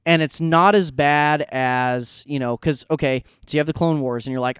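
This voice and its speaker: A man co-hosting a casual fan discussion podcast, talking with animated asides and acting out characters' lines. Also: on the high side, normal speed, hardly any pauses, clean tone, no room sound, studio quality. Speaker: podcast co-host.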